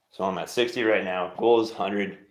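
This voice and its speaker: A young man hosting a live stream, chatting casually between workout sets and teasing his viewers in a laid-back, motivational way. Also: on the low side. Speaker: livestream host.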